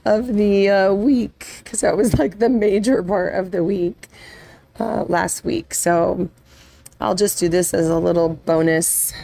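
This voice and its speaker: A woman's voice: mid-range voice, creaky, a little mellow. A woman in her forties hosting a podcast, telling a personal story in a casual, rambling way, emotional and close to tears. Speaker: podcast host.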